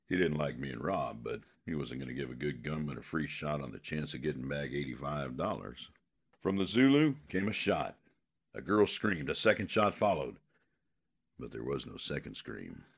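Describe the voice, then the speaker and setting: A man narrating a western novel in a steady, measured way. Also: a bass voice, husky.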